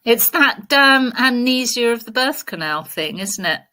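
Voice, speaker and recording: A woman's voice: on the high side, expressive, unhurried, pushed and bright. A woman with an English accent in casual chat, reflective and earnest, talking at length. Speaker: guest.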